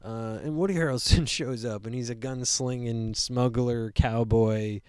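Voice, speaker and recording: A man co-hosting a casual movie review chat, animated and swearing freely while he acts out characters' lines. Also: medium pitch, unhurried, smooth, dry recording. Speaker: podcast co-host.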